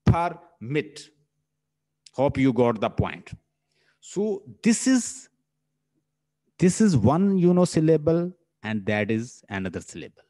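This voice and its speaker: A man's voice: medium pitch, very animated, measured pace, long pauses, dark tone. A man with a Pakistani English accent teaching a linguistics lesson, repeating points and sounding out words syllable by syllable. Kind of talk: classroom lecture.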